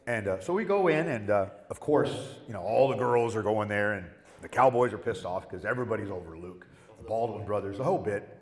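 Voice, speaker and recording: A man's voice: lowish voice, a little fast. A man on a convention panel telling profane anecdotes and acting out the people in them. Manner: animated, acts out the people in his stories. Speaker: guest actor on a convention panel. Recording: echoey convention hall.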